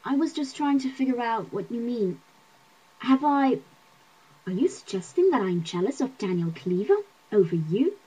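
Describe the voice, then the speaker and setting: A woman reading the part of a stiff, reserved young man who speaks quietly and measuredly. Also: on the high side, very animated, normal speed, breathy edge, low-quality recording.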